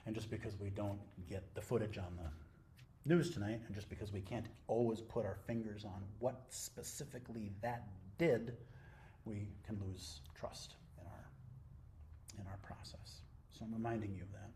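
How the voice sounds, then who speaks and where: A middle-aged man, a Zen teacher, giving a dharma talk at a retreat in an intimate, playful way, dropping to near-whispers and then rising into excited exclamations. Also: lowish voice, moderate pace, a little hiss or hum.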